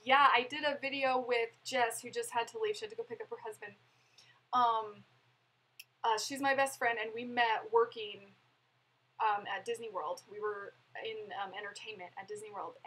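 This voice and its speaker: Chatty husky young woman. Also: fairly high pitch, fairly bright tone, rough recording. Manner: chatty and rambling, with frequent laughs and fillers. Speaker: vlogger answering live chat. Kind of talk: casual live-stream chat.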